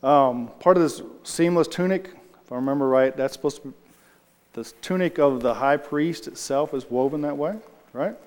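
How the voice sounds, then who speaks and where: Man with a slightly higher voice running a relaxed Bible study, chatty and responsive, in a room with long reverb. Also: normal speed. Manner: conversational, loose, answers the group as he goes. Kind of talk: casual Bible study teaching.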